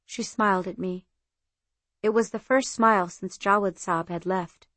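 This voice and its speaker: A woman reads an audiobook chapter in a measured first-person voice at a middling pitch. The sound is close and bone-dry, with no room at all. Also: fairly even intonation, a bit bright, no echo. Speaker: audiobook narrator. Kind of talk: scripted narration.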